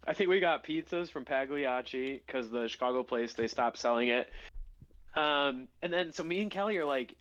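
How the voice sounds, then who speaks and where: A man telling a story in a casual podcast chat, laughing often, swearing and jumping up in pitch when he quotes others. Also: a bit bright. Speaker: podcast co-host.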